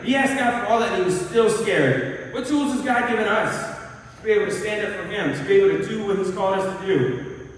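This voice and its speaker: Man, college pastor, earnest animated sermon, long reverb, strong echo. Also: high voice, normal speed. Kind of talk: conversational sermon. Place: church hall. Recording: echoey hall, mic far off.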